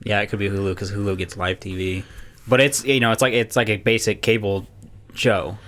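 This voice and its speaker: A male podcast co-host rambles through a casual chat, packed with fillers and swearing. His voice is fairly low, steady and fairly bright, and he talks a little fast.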